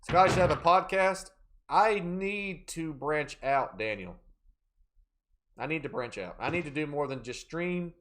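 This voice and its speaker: A man's voice: fairly high pitch, animated, measured pace, a bit bright, faint music behind. A man live-streaming a horror game, joking around and reading out and thanking viewers from chat. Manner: joking, playful banter with chat; reads out viewer names and thanks. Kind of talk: casual live gameplay chat.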